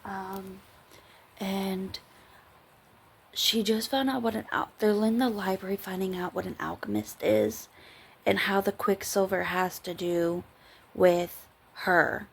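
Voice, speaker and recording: A woman's voice: mid-range voice, fairly even intonation, slow, creaky, breathy edge. A tired woman chatting casually late at night, rambling and giggling as she reviews a book. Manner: rambling, giggly, trails off and restarts. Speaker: book vlogger.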